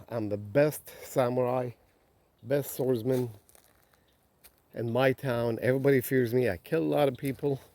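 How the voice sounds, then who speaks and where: A man's voice: medium pitch, dark tone, no echo, lightly acted. A man telling a story, voicing a brash young male samurai who is proud and then pleading. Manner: boastful, then begging.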